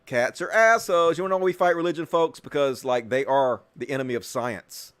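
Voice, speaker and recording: A male host giving profane, sarcastic political commentary, swinging between mutters and yells. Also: on the high side, fairly quick, clean tone.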